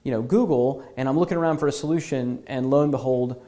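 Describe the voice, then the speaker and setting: A man's voice: mid-range voice, fast, mellow, natural voice. A man voicing a frustrated, underappreciated new mother who rambles hesitantly to an old friend on the phone, full of fillers. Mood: weary, frustrated.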